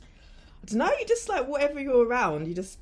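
A woman's voice: sits high, fairly quick. A woman from England, a solicitor, chatting animatedly as a podcast guest. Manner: animated, laughs easily. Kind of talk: casual chat.

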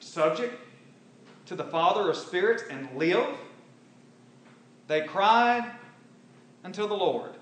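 A man preaching a sermon and quoting scripture, swinging between loud emphatic bursts and quiet earnest stretches. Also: a little high, very echoey, distant mic, slight background noise, low-quality recording.

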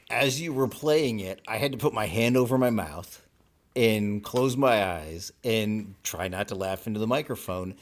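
A man guesting on a casual podcast as a former co-host, speaking with dry, mock-indignant energy. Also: fairly low pitch.

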